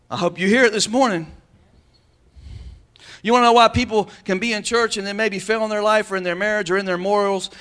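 A man's voice: high-pitched, a bit bright. A male pastor giving a sermon in a conversational way, calling out to the congregation with questions. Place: church.

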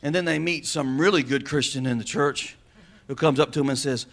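A man's voice: medium pitch, fairly quick, vocal fry, fairly bright tone. A male pastor giving a sermon in a conversational way, calling out to the congregation with questions. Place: church.

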